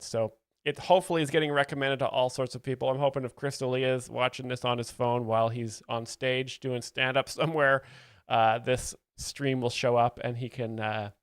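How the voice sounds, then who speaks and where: Dry, chatty livestream host. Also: male voice, medium pitch, no room sound. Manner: chatty, laughing, explaining. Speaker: host reacting to a comedy clip. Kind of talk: livestream commentary.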